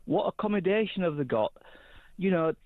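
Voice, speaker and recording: A man's voice: high-pitched, expressive, fairly quick, no echo. A man from Yorkshire with a Yorkshire accent, phoning a radio show to complain in a blunt, indignant way. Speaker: caller. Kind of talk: phone-in rant. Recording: dry tinny phone line.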